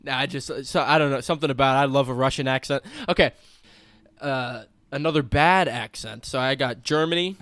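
A man's voice: medium pitch, a bit bright, no room sound. A man co-hosting a podcast, chatting casually with blunt opinions and a playful manner. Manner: blunt, playful, quick to laugh. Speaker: podcast co-host. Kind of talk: casual chat.

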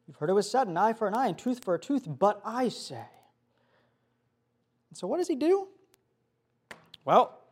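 A young man giving a youth sermon, telling a story in a casual, animated way full of fillers. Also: very high-pitched. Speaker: youth pastor.

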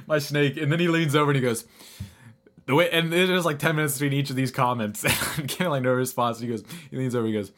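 A young man talks loosely on his podcast, circling back and restarting his sentences as he goes. He laughs easily and swears without much thought. His voice sits at an ordinary middle pitch. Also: fast talker, a bit bright. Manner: rambling, laughs often, swears casually. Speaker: podcast host. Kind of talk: casual podcast chat.

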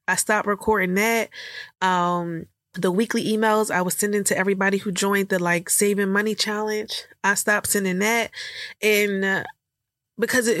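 A young woman talks through a candid podcast episode, her voice tearful and choked up. She rambles warmly through fillers at an ordinary middle pitch, recorded dry and close with no room sound. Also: no echo. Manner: emotional, rambling, filler-heavy storytelling. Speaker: podcast host. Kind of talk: candid personal podcast talk.

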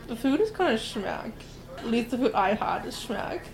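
Gravelly young woman, blunt podcaster. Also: fairly high pitch, very animated, moderate pace, background noise. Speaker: podcast co-host. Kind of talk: casual movie-reaction chat.

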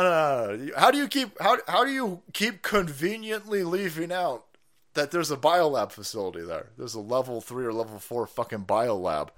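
A man hosting a stream, ranting with profane, mocking sarcasm. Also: medium pitch. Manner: foul-mouthed, mocking, sarcastic, animated. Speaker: streamer host.

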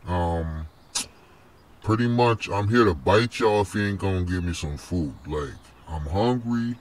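A man's voice: low voice, pitched below the performer's own voice. A man voicing a hungry male bear who talks street slang and shakes campers down for food. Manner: slangy, laid-back, demanding.

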